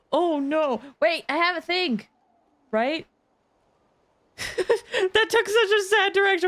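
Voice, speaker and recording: A woman streamer chatting casually over a game. She is playful and giggly. Her voice is high and swings widely in pitch. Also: sing-song, slow, pauses often, a bit bright.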